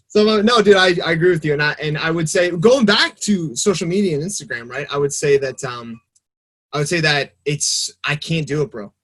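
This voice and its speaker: A young man talking casually on a podcast, animated and rambling, swearing freely. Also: a little high, a little fast, slightly rough. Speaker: podcast guest. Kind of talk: casual chat.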